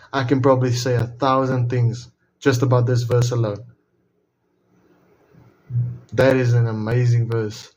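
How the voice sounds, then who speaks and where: A man's voice: medium pitch, a little mellow, rough recording. A man hosting a casual devotional Bible talk, earnest, often repeating and restarting his phrases. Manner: earnest, repeats and restarts phrases, slows to read verses aloud. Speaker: Bible reading video host.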